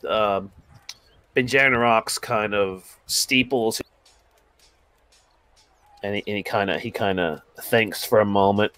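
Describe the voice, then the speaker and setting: Bright-voiced male game master. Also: on the low side, fairly even intonation, measured pace, pauses often, clean tone. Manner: casual, rambling descriptive narration. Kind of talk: narrating a tabletop game.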